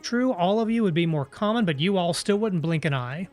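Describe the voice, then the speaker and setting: Chatty man streaming a game, slightly high voice. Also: lively intonation, brisk, a little mellow, faint music behind. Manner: chatty, musing, playful asides. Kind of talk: live gameplay commentary.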